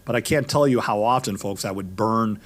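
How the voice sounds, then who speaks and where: A middle-aged man hosting a law talk show, chatting casually in a rambling, jokey way full of shout-outs. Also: fairly low pitch, fairly quick. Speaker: lawyer and show host. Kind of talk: casual chat.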